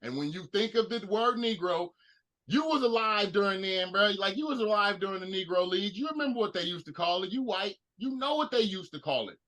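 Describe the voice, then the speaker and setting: A man's voice: high voice, fairly quick, poor audio. A man co-hosting a casual sports podcast, ranting in disbelief. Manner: animated, incredulous ranting. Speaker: podcast co-host.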